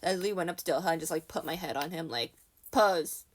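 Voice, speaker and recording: A young woman vlogger telling a casual storytime, animated and self-deprecating, acting out quotes with laughs. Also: deep voice, racing, very noisy.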